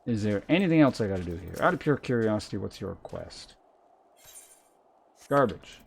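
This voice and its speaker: A man streaming a game, commenting casually in a quick, self-mocking, chatty way. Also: lowish voice, big pitch swings, vocal fry, husky.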